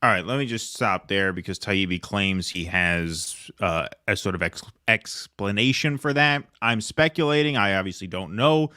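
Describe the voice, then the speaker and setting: A man's voice: fairly low pitch, normal speed, few pauses, pushed and bright, no room sound, clean studio sound. A man hosting a podcast, talking in a loose, rambling way full of hedging asides. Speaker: podcast host. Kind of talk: casual commentary chat.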